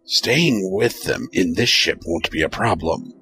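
A man's voice: low-pitched, lively intonation, measured pace, pushed and bright, soft background music, exaggerated voice. A man doing a sarcastic alien pilot. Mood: dry. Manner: sarcastic, muttering. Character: sarcastic male alien pilot, quick-witted.

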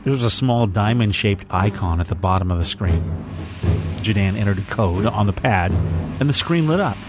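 Brief: man reading sci-fi fan fiction, lowish voice, faint music under. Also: lively intonation, normal speed. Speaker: story reader.

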